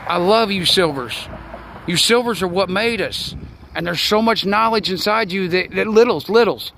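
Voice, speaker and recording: A man in his sixties giving a rambling, preachy folksy monologue outdoors, with loud bursts. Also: high-pitched, normal speed, vocal fry, slight background noise. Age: 60s. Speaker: online talk show host.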